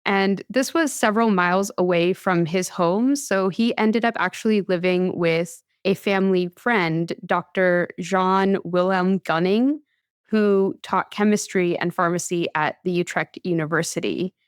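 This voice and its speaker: Chatty American woman, smooth dry voice. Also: on the low side, unhurried, dry recording. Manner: chatty, laughs often, lots of "like". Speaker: podcast host telling a science history story. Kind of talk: casual podcast storytelling.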